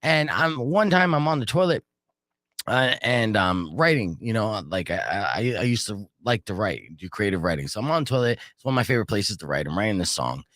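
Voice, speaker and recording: Man, radio host, casual storytelling, swears, very lively pitch, dry studio sound. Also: fairly quick, no echo. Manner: animated storyteller who acts out voices and swears freely. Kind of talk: casual morning radio talk. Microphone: studio microphone.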